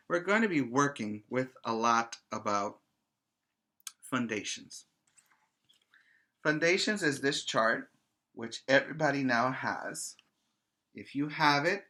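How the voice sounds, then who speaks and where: A male preschool teacher giving a virtual lesson to small children, speaking in a slow, sing-song, coaxing way, asking questions and repeating words for them. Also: medium pitch, bright, forceful tone.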